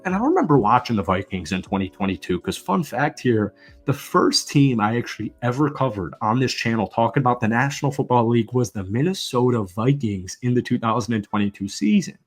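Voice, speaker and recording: Male sports vlogger, emphatic ranting delivery, mid-pitched, faint music underneath. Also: expressive, a little fast. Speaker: football channel host. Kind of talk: sports commentary vlog rant.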